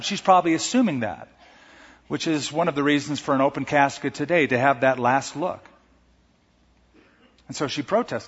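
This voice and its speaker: A man preaching a sermon as pastor, animated, shouting out quoted lines. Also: on the high side, moderate pace, long pauses, breathy edge. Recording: dull recording in a reverberant hall.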